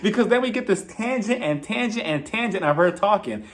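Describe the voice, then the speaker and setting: A young man gives a gossipy, theatrical recap of a reality show. His voice sits high and swings widely, animated throughout. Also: fairly quick, few pauses. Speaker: TV review vlogger.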